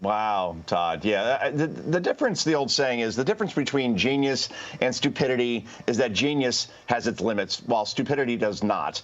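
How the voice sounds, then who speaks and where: A man giving sarcastic commentary as a guest on a cable news morning show, speaking in quick quips. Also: mid-range voice, expressive. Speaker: political commentator. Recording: dull lo-fi audio.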